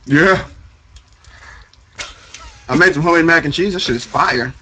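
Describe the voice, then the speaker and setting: A man co-hosting a podcast over a voice call, loud and joking. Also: a little high, normal speed, a crowd in the background. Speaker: podcast co-host. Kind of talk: casual chat.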